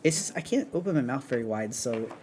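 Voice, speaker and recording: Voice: medium pitch, lively intonation, quick pace, darkish tone, slight background noise. Rambling streamer chatting while drawing. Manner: rambling, many fillers and restarts. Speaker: art streamer. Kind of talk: casual chat while drawing. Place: apartment on an upper floor.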